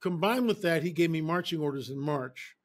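A man speaking as an interview guest, telling stories in an animated, emphatic way and repeating phrases for effect. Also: a little high, fairly quick. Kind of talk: casual interview storytelling.

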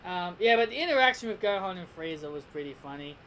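A man's voice: high voice, lively intonation, quick pace, pushed and bright, a little hiss or hum, low-quality recording. Rambling, amused male reviewer. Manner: rambling, frequent restarts and repeats; amused, laughs often. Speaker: anime episode reviewer. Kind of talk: casual spoken review.

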